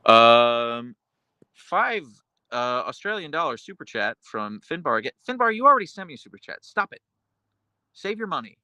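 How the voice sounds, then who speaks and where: Lively, bright-voiced man chatting on stream. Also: mid-range voice, moderate pace, no echo, dull audio. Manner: rambling and chatty, with many fillers and self-corrections. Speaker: livestream host reading chat. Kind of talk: casual livestream chat.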